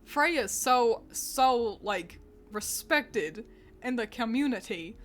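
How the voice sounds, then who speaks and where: A woman's voice: on the high side, expressive, slow, a bit bright, a little hiss or hum. A woman chatting casually while streaming a video game at home, reacting aloud and laughing often. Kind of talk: casual gaming commentary.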